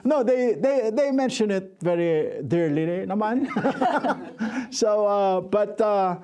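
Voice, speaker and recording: A man's voice: high-pitched, expressive, takes it slowly, warm tone. A middle-aged man giving a conference workshop talk, joking at his own expense, restarting his sentences often. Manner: joking, self-deprecating storyteller with many restarts.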